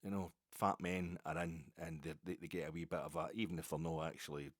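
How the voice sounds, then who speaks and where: A man's voice: a bass voice, level tone, fast, no room sound, studio quality. A middle-aged Scottish man hosting a podcast, telling a rambling, self-deprecating story in casual chat and stumbling over repeated words. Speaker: podcast host.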